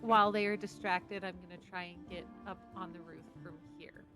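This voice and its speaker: A woman's voice: on the low side, fairly even intonation, a little fast, over music. A woman playing in a tabletop game, joking and blurting out reactions. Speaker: player. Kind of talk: casual tabletop play.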